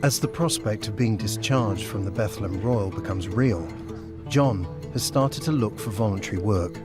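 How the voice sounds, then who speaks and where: A man's voice: lowish voice, normal speed, over loud music. A man reading scripted documentary narration.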